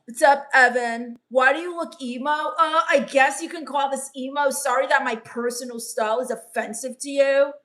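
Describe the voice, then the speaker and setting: Woman doing a goth teen vampire, high-pitched, deadpan, sarcastic, scornful, live-stream comedy. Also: normal speed, hardly any pauses. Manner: deadpan, sarcastic, dismissive put-downs. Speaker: live streamer reading chat.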